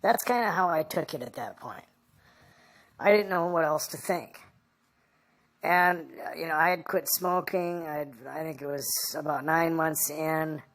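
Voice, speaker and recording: A woman being interviewed, recounting a personal story in a halting, rambling way. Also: low voice. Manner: halting and rambling, full of "you know".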